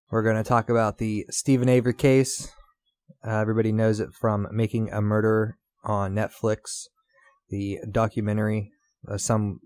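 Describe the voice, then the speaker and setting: A man with a lowish voice and a slight Southern twang chats loosely on a podcast, full of ums and uhs. The sound is dry and close, with no room around it. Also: darkish tone, no room sound. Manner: loose, rambling, with many fillers. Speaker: podcast co-host. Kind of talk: casual podcast chat.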